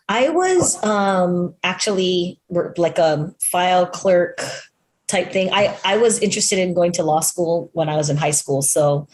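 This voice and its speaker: Laughing woman from Hawaii, softened Pidgin accent. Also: fairly low pitch, lively intonation, unhurried. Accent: Hawaiian Pidgin, held back. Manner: laughs often, chatty and self-deprecating. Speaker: guest. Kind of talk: casual interview chat. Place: at home in Hawaii, on a remote call.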